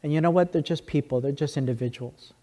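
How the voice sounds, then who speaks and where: A man's voice: fairly high pitch, fast talker, mellow. Man telling stories in a reverberant hall. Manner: conversational, with many restarts and asides. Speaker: speaker giving a testimony. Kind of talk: storytelling talk to an audience.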